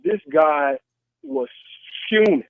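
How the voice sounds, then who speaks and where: A man calls in to tell a personal story, earnest and full of restarts. His voice sits fairly high and comes through a tinny, phone-like line with no room sound. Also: sing-song, slow pace, creaky, no room sound. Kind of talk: personal story told on a call-in show.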